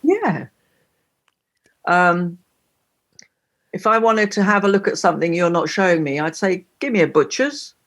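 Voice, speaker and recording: A woman, a singer-songwriter guest, chatting casually in an interview and telling lively stories with frequent laughs. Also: on the low side, unhurried, long pauses. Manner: lively storyteller, laughs often.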